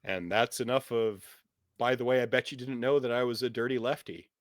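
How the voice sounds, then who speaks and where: A man's voice: mid-range voice, steady tone, a little fast, dry recording, clean studio sound. A man as game master, chatting in a rambling way with many fillers, then narrating a scene. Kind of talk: casual chat and game narration.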